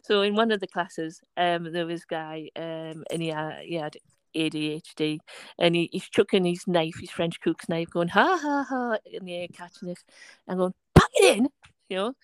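A woman's voice: on the low side, fairly even intonation, normal speed, clear, resonant tone, no echo, rough recording. A woman, a tutor and podcast guest, telling a blunt story with a laugh. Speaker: guest, learning difficulties tutor. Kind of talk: casual storytelling chat.

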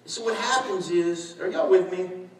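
A man preaching a sermon, telling stories animatedly, shouting and laughing as he acts out conversations. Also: sits high, a little slow. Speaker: pastor. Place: large church hall. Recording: echoey church hall, distant mic.

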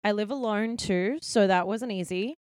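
Young aussie woman rambling casually in an interview, smooth clear voice, dry close sound. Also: mid-range voice, moderate pace, darkish tone, dry recording. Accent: Australian. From Australia. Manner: chatty, many likes and restarts. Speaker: guest, filmmaker.

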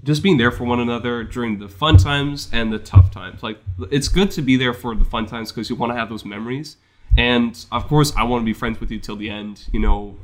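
A young man chatting casually with a friend, talking in a soft, reflective, candid way. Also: on the low side. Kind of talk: casual chat between friends.

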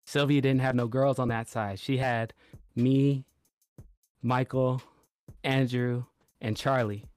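A man co-hosting a podcast, telling a long story in a relaxed way and acting out what others said. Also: mid-range voice, takes it slowly, smooth, no room sound, faint music behind. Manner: laid-back storytelling, retelling quotes. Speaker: podcast co-host. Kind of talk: casual chat.

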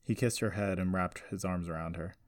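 A man reading a scripted story aloud in a steady, even-paced narration. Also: deep voice, brisk, no room sound, clean studio sound.

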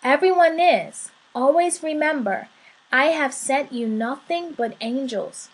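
A woman reading a storybook aloud, voicing a calm and benevolent God in an assuring manner. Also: sits high, unhurried, pitched above the performer's own voice, rough recording. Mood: serene. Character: calm, benevolent divine creator.

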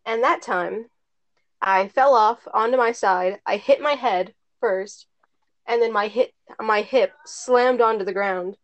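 A teenage girl with a somewhat high voice chats through a story, stringing thoughts together with lots of "like" and the odd curse. The recording sounds dull and lo-fi. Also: takes it slowly. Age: teens. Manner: rambling, lots of "like", casual swearing. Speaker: storyteller among friends. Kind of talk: casual chat.

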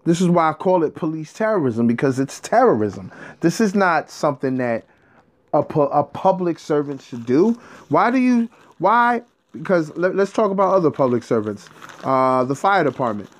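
A man in a casual monologue, telling a story in an animated, streetwise way, with profanity and slang. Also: a little high, normal speed.

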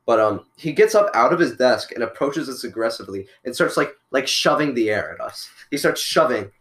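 A young man in casual chat with a friend, telling a school story in a relaxed way, with lots of swearing. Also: mid-range voice, fairly quick. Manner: laid-back, profane, with fillers and restarts.

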